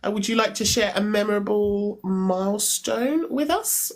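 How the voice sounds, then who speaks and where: Woman, mid-pitched voice, live-stream host, friendly, organised. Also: expressive, normal speed, low-quality recording. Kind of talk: hosting a live call-in chat.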